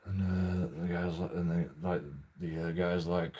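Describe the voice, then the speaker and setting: Male host, low voice, loose halting storytelling with casual swearing. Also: level tone, slightly rough, lo-fi sound. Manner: rambling, halting, swears freely. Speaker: channel host.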